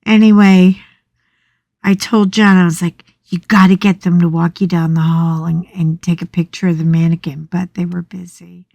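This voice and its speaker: A woman's voice: fairly low pitch, little pitch movement, normal speed, creaky, a little mellow, no echo. A middle-aged woman hosting a casual chat, telling a story dramatically with yelps and swearing. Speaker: coloring channel host.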